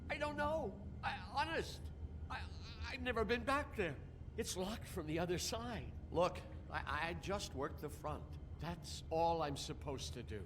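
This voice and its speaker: An actor playing a nervous, defensive butcher in a game, stammering and pleading. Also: male voice, high voice, animated, a little slow, noisy background. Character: nervous middle-aged male butcher, whiny and defensive.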